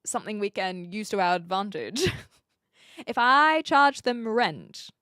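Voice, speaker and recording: A woman's voice: mid-range voice, measured pace, no room sound, clean studio sound. A woman from New Zealand with a mixed accent and an occasional Australian twang, chatting casually and playfully on a livestream as she reads out viewer comments. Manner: chatty and playful, with lively swings between a soft mumble and bright exclaiming. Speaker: streamer.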